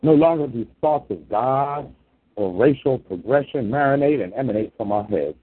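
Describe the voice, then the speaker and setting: Husky man reciting solemn verse. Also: medium pitch, animated, moderate pace. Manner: solemn preaching cadence. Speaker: poet at a reading. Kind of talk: poetry reading. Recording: tinny lo-fi phone-like sound.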